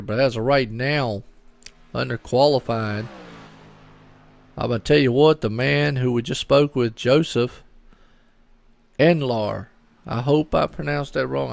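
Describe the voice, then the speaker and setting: Man, gravelly voice, folksy live race commentary, rambling and repetitive. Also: mid-range voice. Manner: chatty and rambling, repeats words; folksy, upbeat. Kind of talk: live sim-racing commentary.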